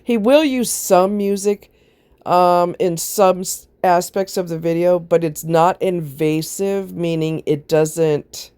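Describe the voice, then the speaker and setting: A woman's voice: fairly low pitch, slow, warm tone, clear, resonant tone, no room sound. A woman chatting casually to camera, rambling from one aside to the next and often laughing. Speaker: vlogger. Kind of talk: casual chat.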